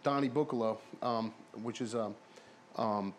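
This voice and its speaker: A man of middling pitch tells long, rambling wrestling stories in a casual interview, swearing freely. He jumps between people and imitates them along the way. A faint noise sits under the recording. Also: measured pace. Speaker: interview guest, former pro wrestler.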